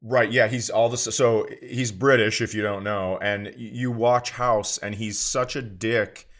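A man's voice: on the low side, fairly even intonation, unhurried, a bit bright. A man co-hosting a comedy podcast in casual chat, who teases his partner in a dry way. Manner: dry, teasing. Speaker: podcast co-host.

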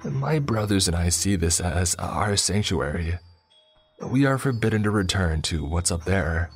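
A creepy old cave cultist, as a male narrator puts him on, drawling slowly in a higher, sly voice that turns sinister and menacing. His friendliness sounds false, and soft music plays behind him in this horror story. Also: expressive. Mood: inviting. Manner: slow, falsely welcoming, menacing.

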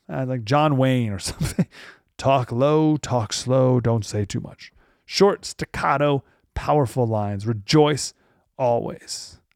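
Gravelly-voiced man teaching Scripture. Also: medium pitch, no room sound, clean studio sound. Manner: emphatic, slows down on key phrases. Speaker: radio show host. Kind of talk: Bible teaching talk.

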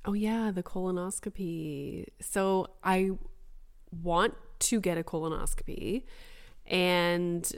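A woman's voice: lowish voice, slow, clear, resonant tone. A woman in her thirties hosting a solo podcast, chatting casually and acting out quoted dialogue with lots of "like.". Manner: chatty and animated, acts out quoted dialogue with frequent "like". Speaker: podcast host.

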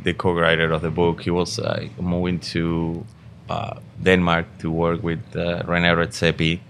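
A man, a chef and podcast guest, chatting casually in a relaxed, rambling way with many fillers and restarts. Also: low-pitched, slight background noise. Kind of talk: casual interview chat.

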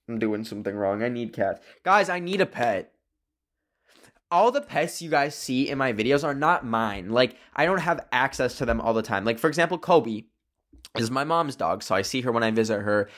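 Young male host, casual rambling solo chat, lively ups and downs in pitch. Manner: rambling, animated, heavy use of "like". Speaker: podcast host.

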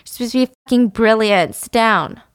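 A drunk, unstable man sneers, swears and shouts his taunts, as a woman puts him on while retelling a story. The voice sits higher than her usual talk and lands hard. The recording is dry and close. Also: moderate pace, smooth, no room sound, natural voice. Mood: mocking menace. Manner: taunting, swearing, sudden loud outbursts. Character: drunk unhinged man, mocking and menacing.

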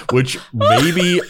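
A man's voice: high-pitched, fairly bright tone, slight background noise. A man co-hosting a comedy podcast, reading a text aloud with wry, cringing commentary and frequent laughter. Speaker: podcast co-host.

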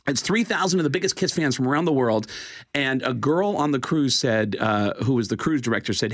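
A male comedian and impressionist telling comic stories in a casual chat, animated and laughing along. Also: medium pitch, fairly quick. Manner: animated, slips into voices, laughs while telling.

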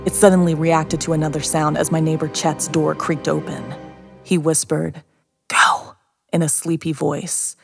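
A woman tells a horror story in a low, gravelly voice, slow and hushed to build suspense. Her tone is deep and rough. Music plays clearly behind her. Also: little pitch movement. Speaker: narrator. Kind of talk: scripted horror story narration.

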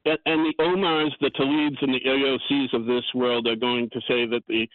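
A man calling in to a talk radio show, speaking in a deliberate, halting way over the phone. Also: medium pitch, little pitch movement, no echo. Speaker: caller. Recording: tinny phone line.

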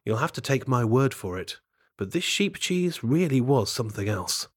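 Male storyteller, children's fable, playful and expressive, lively pitch, chatty asides. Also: moderate pace.

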